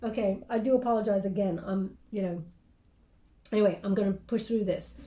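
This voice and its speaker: A woman's voice: mid-range voice, brisk, warm tone, echoey room. A woman giving a casual tarot reading, rambling and apologetic, with lots of fillers and restarts, yawning and sleepy. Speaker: tarot card reader.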